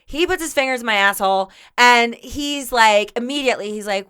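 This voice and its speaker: A woman's voice: fairly high pitch, a little fast, a bit bright, smooth. A young woman co-hosting a podcast, telling a long comedic story in a rambling way full of fillers and laughter. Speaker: podcast co-host.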